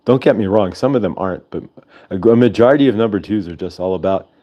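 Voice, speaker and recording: A man hosting a casual livestream, chatting in a rambling way over a video call. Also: fast talker. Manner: rambling, chatty, lively pitch swings. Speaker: host.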